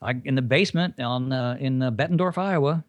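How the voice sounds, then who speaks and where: A man giving a personal faith testimony in conversation, telling it as an animated story and asking himself emphatic questions. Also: medium pitch, a little fast, no echo, lo-fi sound.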